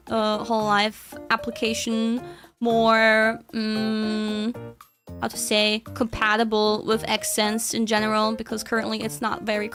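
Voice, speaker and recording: A woman's voice: a little high, bright, forceful tone. A young woman streamer in casual chat, rambling with lots of fillers and frequent giggles.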